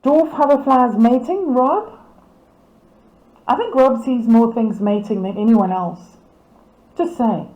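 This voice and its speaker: A woman's voice: fairly high pitch, slow pace, long pauses, dark tone, echoey room, dull audio. A woman, casually commenting on club photos as she reads out titles and names, amused and laughing often. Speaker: camera club presenter.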